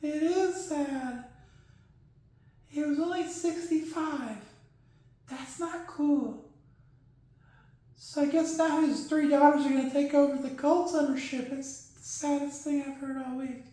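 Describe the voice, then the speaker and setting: Ziggy, a man doing a squeaky cartoon zebra, hammy and over the top, sharp high voice, booming echoey room, bouncy delivery. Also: fairly even intonation, a little slow, pauses often. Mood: mock somber. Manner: over-the-top hype, then mock somber. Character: excitable male cartoon zebra sidekick.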